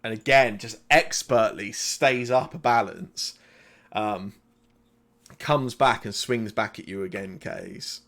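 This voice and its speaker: Laid-back man running a tabletop game. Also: fairly low pitch. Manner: relaxed, many fillers, drawn-out descriptions. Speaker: game master.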